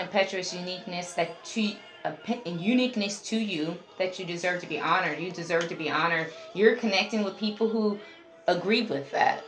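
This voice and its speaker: A woman's voice: on the low side, fairly bright tone. A woman giving a casual tarot reading, chatty and talking straight to her viewers as a group. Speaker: tarot reader. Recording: roomy echo, faint music behind.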